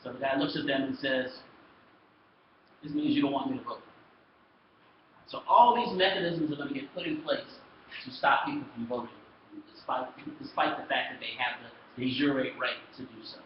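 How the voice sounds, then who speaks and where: A man giving a history lecture to a class, lively and storytelling, acting out the people in his stories. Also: medium pitch, fairly quick, recorded from a distance. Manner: lively storytelling, acts out quoted exchanges. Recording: echoey classroom recorded from afar, dull and noisy.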